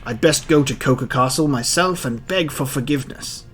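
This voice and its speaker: A man voicing a panicky, middle-aged male town mayor while reading a manga aloud, with a shrill, pleading, nervous delivery. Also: moderate pace, a bit bright, soft background music, natural voice. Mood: panicked.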